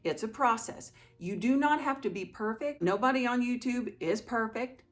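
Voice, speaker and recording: A middle-aged woman talks casually through viewer questions in a gentle, reassuring way. She sounds like the host of a home organizing channel, encouraging and chatty. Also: a little high, moderate pace. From small town. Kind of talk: casual Q&A talk to camera.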